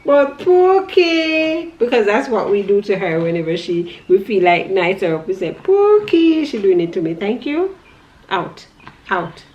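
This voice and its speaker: A woman's voice: mid-range voice, expressive, moderate pace, darkish tone, highs cut off. A woman, a mom talking casually to her toddler in a home vlog, playful and coaxing with frequent laughter. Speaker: vlogger mom. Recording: echoey room, faint background noise.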